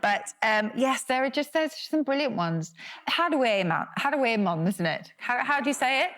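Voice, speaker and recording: A woman's voice: high-pitched, animated, normal speed, fairly bright tone. A woman co-hosting a live podcast on a theatre stage, explaining word origins with enthusiasm. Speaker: podcast co-host, language expert. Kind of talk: live podcast banter before a theatre audience.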